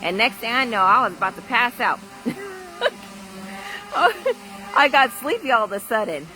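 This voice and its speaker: A woman's voice: fairly high pitch, animated, moderate pace, bright, forceful tone. Woman, middle-aged, rambling casual livestream chat, outdoor garden, phone mic, light background hiss. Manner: chatty and rambling, laughs often.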